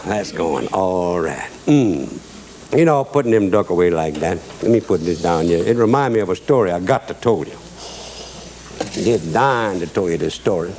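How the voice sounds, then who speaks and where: Cajun male cooking host, medium pitch, spins homespun yarns with a chuckle. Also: darkish tone, slight background noise. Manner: drawling dialect storyteller, repeats "I guarantee", chuckles at his own jokes. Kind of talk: folksy cooking demonstration with storytelling.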